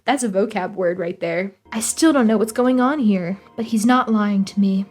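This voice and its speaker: A woman's voice: mid-range voice, darkish tone, soft background music. A young woman reading a visual novel aloud and adding sarcastic, chatty jokes between lines. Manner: sarcastic, chatty, quick asides. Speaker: gaming channel host.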